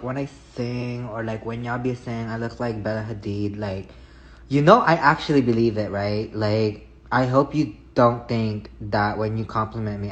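A man from Hawaii rants and gushes into a phone held at arm's length, his voice sitting at an ordinary middle pitch. He is sassy and theatrical, swearing freely in a casual story-vlog way. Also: poor audio. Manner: sassy, profane, dramatic. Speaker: social media personality.

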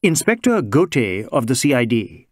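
A man's voice: medium pitch, sing-song, normal speed, no echo, studio quality. A man playing a flustered, apologetic inspector. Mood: formal. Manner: hesitant, apologetic, with many "uh"s.

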